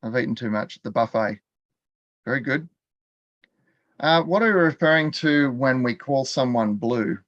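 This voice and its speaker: A man's voice: mid-range voice, animated, moderate pace, pauses often, fairly bright tone, no room sound, highs cut off. An Australian man teaching a live online class from his computer. He talks in a chatty way, laughs often and quizzes the viewers in the chat. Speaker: continuing education teacher.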